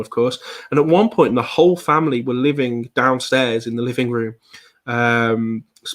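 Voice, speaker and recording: A man's voice: medium pitch, a bit bright. Hesitant man presenting online. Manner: hesitant, frequent ums and repeated words. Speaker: paranormal investigator giving a presentation.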